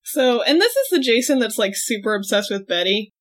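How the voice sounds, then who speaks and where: A woman co-hosting a podcast, casually retelling a comic plot and acting out quick quoted lines. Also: on the high side, big pitch swings. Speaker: podcast co-host. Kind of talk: casual chat.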